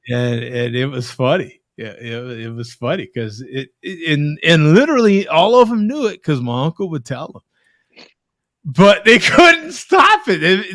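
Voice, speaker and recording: A man's voice: fairly high pitch, no room sound, studio quality. A man hosting a casual video-call chat, telling rambling stories with frequent tag questions. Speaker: host.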